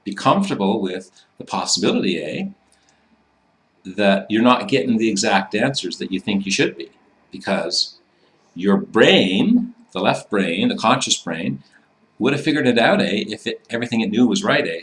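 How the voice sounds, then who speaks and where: A man's voice: fairly low pitch, fairly bright tone. A man teaching in a loose, casual way, swearing freely and ending many sentences with "eh". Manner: loose and profane, tags sentences with "eh". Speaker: instructor. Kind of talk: casual instructional talk.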